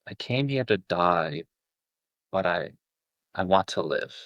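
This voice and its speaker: A man, a guest coach, telling a deeply personal story, halting and full of restarts and fillers. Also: fairly bright tone, dry recording. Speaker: self-love coach, guest.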